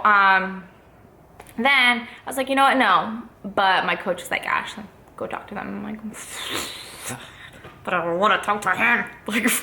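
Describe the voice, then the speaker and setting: A woman's voice: medium pitch, bright, forceful tone. Fired-up young woman telling a story. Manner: candid and fired up, swears freely, many fillers. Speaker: fitness competitor. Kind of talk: casual storytime monologue. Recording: echoey room with faint ambience.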